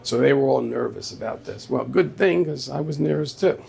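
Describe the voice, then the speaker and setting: Before a live crowd in a small venue, a man shares a personal story at a story slam, talking conversationally and voicing what others in it said. He speaks at normal speed in a medium pitch with a creaky, darkish quality, and the audio carries a faint hiss or hum.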